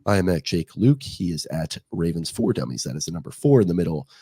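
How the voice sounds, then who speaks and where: A hoarse man co-hosting a casual sports podcast, speaking in a laid-back, rambling way. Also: sits low, sing-song, quick pace, dark tone, no room sound, clean studio sound. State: hoarse from the season. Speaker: podcast co-host.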